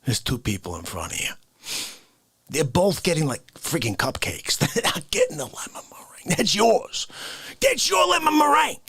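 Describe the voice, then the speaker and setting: A man hosting a live comedy stream, ranting in an animated way and swinging between shouts and whispers. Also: sits high, normal speed, vocal fry, breathy edge. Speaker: livestream comedy host. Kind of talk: unscripted comedic rant.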